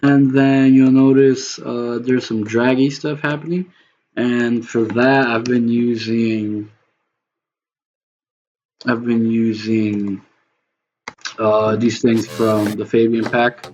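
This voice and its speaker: A man's voice: mid-range voice, flat delivery, takes it slowly, long pauses, darkish tone, dull audio, slight background noise. A man who produces music, talking casually and rambling as he builds a beat, swearing now and then and humming the rhythm. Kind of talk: casual talk while making a beat.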